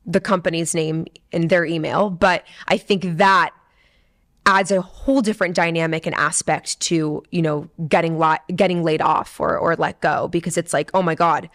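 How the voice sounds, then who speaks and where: A woman's voice: fairly low pitch, steady tone, normal speed, fairly bright tone. A woman in her twenties, a podcast host, telling a personal story in a candid, emotional, chatty way, full of fillers and the odd swear. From San Diego, USA. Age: 20s. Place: studio.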